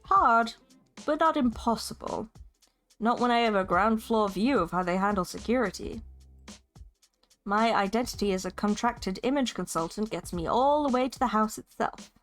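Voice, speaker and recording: A woman's voice: medium pitch, expressive, normal speed, soft background music. A woman streaming herself as she plays and narrates a story game, playful and jokey, laughing often. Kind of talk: narrating and playing a game live.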